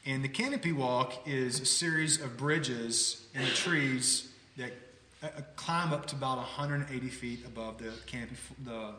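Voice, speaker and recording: Bright-voiced male pastor in a reverberant hall. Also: medium pitch, moderate pace, slight background noise. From United States. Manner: conversational, animated, frequent restarts. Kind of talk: storytelling sermon. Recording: roomy hall with long reverb.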